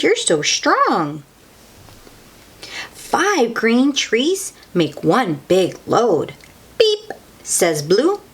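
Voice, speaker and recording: Storytime reader: young woman, breathy, unhurried, very lively pitch, coaxing small kids along. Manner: gentle, animated, exclaiming to young listeners. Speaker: children's book reader. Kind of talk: read-aloud storytime.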